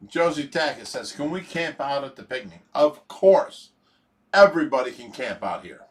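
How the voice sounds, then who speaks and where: A man from the United States reading viewer comments on a casual livestream, laughing easily and halting with many fillers. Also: mid-range voice, animated. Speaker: livestream co-host reading the chat. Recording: voice a bit distant from the mic.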